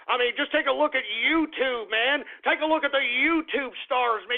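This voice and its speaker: A man's voice: extremely high pitch, moderate pace, gravelly, hardly any pauses. A man hosting talk radio, ranting in a profane, rambling and indignant way, heard over tinny phone-line radio audio. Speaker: radio talk show host.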